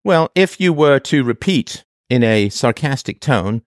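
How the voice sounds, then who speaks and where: A man's voice: medium pitch, animated, measured pace, no echo, clean studio sound. A man hosting an advice conversation, pressing a caller with probing questions and acting out quoted voices. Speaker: host.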